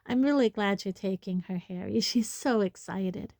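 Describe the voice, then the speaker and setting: A woman reading a storybook, voicing a sharp-tongued teenage girl who snaps slowly. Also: medium pitch, gravelly, no echo, studio quality, close to an everyday voice. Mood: snappish. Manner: snappish, slow.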